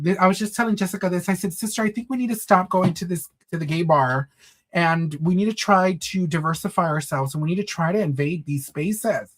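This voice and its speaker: A man's voice: high voice, a bit bright. Sassy, campy male livestream host. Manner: sassy and campy, calls listeners honey and girl; slips into Spanish phrases. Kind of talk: casual livestream chat with viewers.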